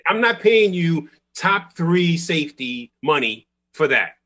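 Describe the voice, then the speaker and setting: A man's voice: fairly high pitch, expressive, slow pace, pushed and bright. A man on a casual sports talk show, blunt and emphatic, punctuating points with "okay". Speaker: podcast co-host.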